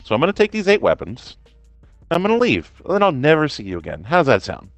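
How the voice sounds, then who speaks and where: A man's voice: fairly high pitch, huge pitch swings, fast, dry recording, soft background music, voice pushed up. A man voicing a brash young male adventurer who makes pushy, slangy demands.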